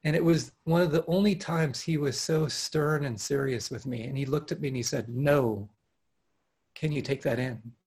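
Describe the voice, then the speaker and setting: A husky-voiced meditation teacher with a fairly high pitch gives an earnest dharma talk to an online retreat from home via video call. He talks briskly with few pauses, animated throughout, restarting often and laughing softly.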